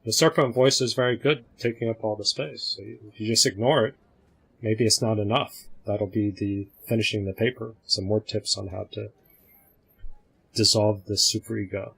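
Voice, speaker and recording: Man, call host, low raspy voice, musing and reflective. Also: steady tone, moderate pace, fairly bright tone, rough recording. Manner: reflective, thinking aloud. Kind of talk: online group discussion. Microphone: video call.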